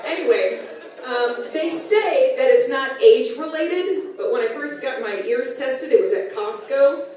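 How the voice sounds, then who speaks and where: A middle-aged woman performing a self-deprecating stand-up comedy set, chatty with animated asides. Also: high-pitched, measured pace. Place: comedy club stage, live audience. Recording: echoey room, distant, faint ambience.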